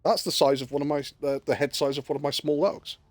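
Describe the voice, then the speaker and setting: Chatty streamer, dry close mic. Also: male voice, a little high, little pitch movement, fast talker, no echo. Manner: rambling storyteller, swears freely, chuckles. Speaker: game streamer. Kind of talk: casual live-stream chat.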